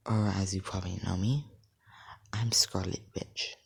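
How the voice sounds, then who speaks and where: A man voicing a kind, caring adult superheroine, speaking in a soft, hesitant half-whisper. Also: low-pitched, steady tone, measured pace, creaky, slightly rough, full character voice. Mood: gentle.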